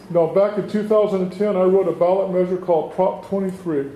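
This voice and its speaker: A middle-aged state assemblyman with a high, warm voice gives a folksy town hall speech, peppering residents with rhetorical questions. He's in a community meeting room, and the recording is echoey with faint background noise.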